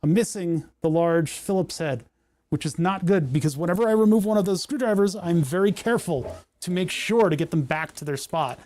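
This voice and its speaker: Rambling, self-deprecating livestream host, a man with a slightly high voice, dry close sound. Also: animated, a little fast, darkish tone, dry recording. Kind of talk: casual livestream chat while repairing.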